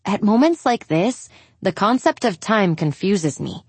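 A woman reading a novel aloud in the first person, telling the story at a measured pace. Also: mid-range voice, husky, no echo. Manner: slow, measured storytelling with lively intonation. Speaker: audiobook narrator.

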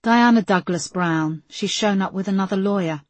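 A woman's voice: medium pitch, normal speed, dry recording, pitched above the performer's own voice, lightly acted. A woman voicing a young male police officer bringing urgent news.

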